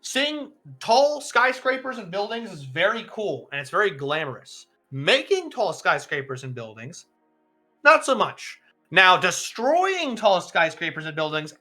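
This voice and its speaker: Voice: mid-range voice, sharp tone. A streamer voicing a strict male combat teacher who lectures with rhetorical questions and dry humor in a tabletop role-play. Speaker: game master.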